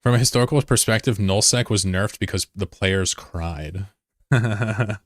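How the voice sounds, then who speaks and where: A male streamer from the United States with a low, deep voice. He talks in a loose, rambling way and cracks jokes while answering his chat. The recording is close and dry, with no room sound. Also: a little slow, dry recording. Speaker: live streamer. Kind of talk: casual live-stream chat.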